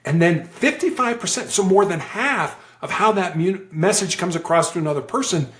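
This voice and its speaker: Recorded with a roomy sound, a man with a high voice talks at a moderate pace. As a former hostage negotiator giving an interview, he shares stories conversationally and animatedly, acting out each quoted voice.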